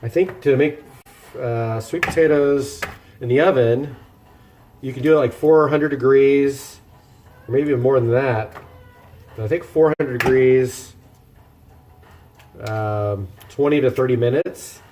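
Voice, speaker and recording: A man's voice: medium pitch, unhurried, pauses often, darkish tone, slight background noise. A man live-streaming himself cooking, chatting casually and joking at his own expense as he works. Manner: chatty and self-deprecating, talking to chat while working. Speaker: livestreamer cooking meal prep. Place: home kitchen.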